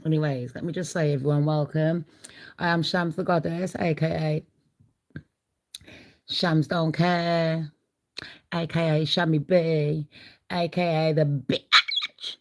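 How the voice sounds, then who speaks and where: A woman's voice: low-pitched, low-quality recording. A middle-aged woman hosting a casual livestream, chatty and blunt, laughing often. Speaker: livestream host.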